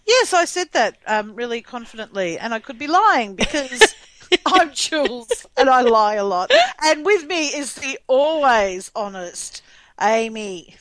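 A woman's voice: on the high side, very animated, a little slow, fairly bright tone, no room sound, poor audio. Chatty woman, dry close sound. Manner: chatty, laughing often, rambling with many fillers. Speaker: podcast co-host. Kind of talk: casual chat.

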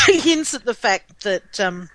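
A woman's voice: a little high, very animated, slow, a bit bright, dry recording. A woman co-hosting a casual chat about a TV show, talking with frequent ums and laughs. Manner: chatty, hesitant with many ums, laughs often. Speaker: podcast co-host.

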